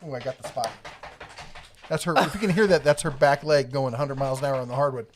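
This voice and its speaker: A man's voice: mid-range voice, fast talker, a little hiss or hum. A middle-aged man co-hosting a casual livestream from home, telling family stories and reading viewer comments with frequent chuckles. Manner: storytelling, chuckles often. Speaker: livestream co-host.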